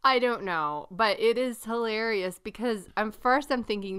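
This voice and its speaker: Animated bright-voiced woman storyteller. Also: mid-range voice, moderate pace, hardly any pauses, clean tone. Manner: animated storyteller, laughs often. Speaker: podcast co-host. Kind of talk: casual chat.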